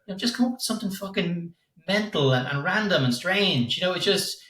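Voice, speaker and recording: Middle-aged male podcast co-host, bright tense tone, sweary exasperated chat, echoey room. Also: sits high, animated, brisk. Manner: swearing, exasperated ranting with laughs. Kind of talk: casual chat.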